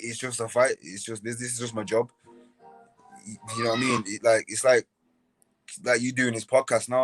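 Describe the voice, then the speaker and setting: A man's voice: mid-range voice, a bit bright. A young man, a boxer, talking casually as a podcast guest, often repeating words and restarting his sentences. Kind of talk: casual interview talk.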